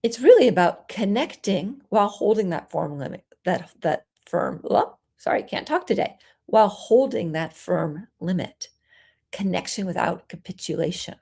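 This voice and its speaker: Woman coaching parents in a gentle explanatory tone. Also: fairly low pitch, animated, moderate pace, gravelly, slightly rough. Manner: gentle, explanatory, acts out soothing parent lines. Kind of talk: solo coaching talk.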